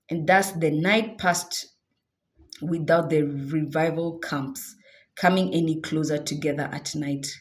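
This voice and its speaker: A woman reading scripture aloud with expressive delivery and casual asides of her own. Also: sits low. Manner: expressive, animated, adds comments and affirming hums. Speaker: Bible reader.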